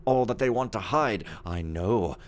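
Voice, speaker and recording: A man's voice: lowish voice, expressive, measured pace. A man reading aloud as a pompous, spiteful male steward in a haughty, scornful way. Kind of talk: reading a game journal aloud in character.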